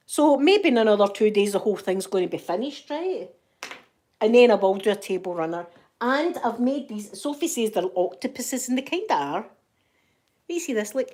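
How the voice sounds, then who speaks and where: Scottish woman, casual ASMR chat, chatty, frequent laughs, mid-pitched voice. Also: a little mellow. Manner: chatty, laughs often, talks to viewers in the chat. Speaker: ASMR livestream host.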